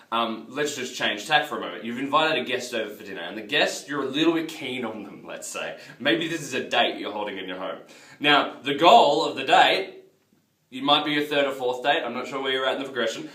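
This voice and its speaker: A man's voice: mid-range voice, sharp tone, distant mic. Chatty man coaching in an echoey room. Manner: chatty, loose, repeats himself, addresses viewers as guys. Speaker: business coach. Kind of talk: casual marketing lesson to camera.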